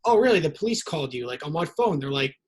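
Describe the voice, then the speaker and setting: A young man hosting a casual interview, who tells animated stories and acts out the quotes in them. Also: a little high, fast talker, a little hiss or hum, rough recording. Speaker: podcast host.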